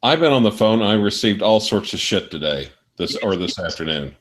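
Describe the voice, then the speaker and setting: Low-voiced man making dry asides. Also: expressive, normal speed. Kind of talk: casual chat.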